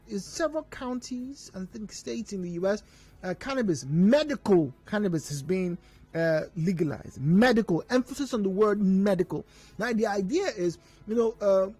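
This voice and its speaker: A Nigerian man hosting a call-in radio talk show, explaining at length in a measured way and reading listener messages aloud. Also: sits high, darkish tone. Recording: dry studio mic with faint music bed.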